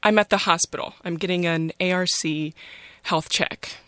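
A young woman telling a personal story in a wry, conversational, self-mocking way, pausing often on "um". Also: fairly low pitch, steady tone, fairly bright tone, no echo.

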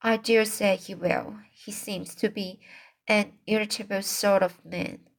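A woman's voice: medium pitch, fairly even intonation, a little slow, vocal fry. A woman reading aloud, voicing a stern, practical older woman who scolds curtly.

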